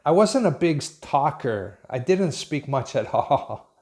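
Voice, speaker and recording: An American man in his fifties talks through an English lesson at a slow, easy pace. His voice sits a little high for a man. He thinks aloud and often stops to restart a sentence. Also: sing-song, darkish tone. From Pennsylvania, USA. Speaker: English teacher. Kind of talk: unscripted lesson monologue.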